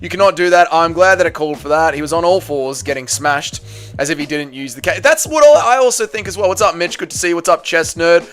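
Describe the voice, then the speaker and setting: A man's voice: fairly high pitch, expressive, fast talker, fairly bright tone, soft background music. An Australian man hosting a live stream, reading out viewer comments and answering them with blunt, laddish banter full of slang and swearing. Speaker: MMA live-stream host.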